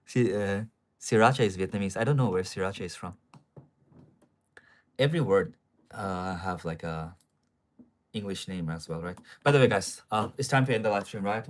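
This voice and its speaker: A man hosting a casual live stream, chatting straight to his viewers with plenty of fillers. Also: fairly low pitch.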